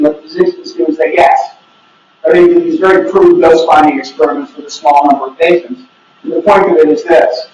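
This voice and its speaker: A researcher gives an academic conference talk in a slightly high, somewhat mellow male voice, opinionated and wry with joking asides. The mic picks him up from far off in an echoey room.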